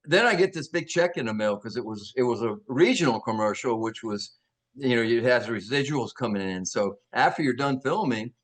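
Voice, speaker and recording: A man's voice: mid-range voice, expressive, moderate pace. A man in his sixties from Georgia with a Southern American accent, telling stories as an interview guest in a folksy, laughing way. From Georgia, USA. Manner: folksy, laughing, acts out quotes. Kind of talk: casual storytelling.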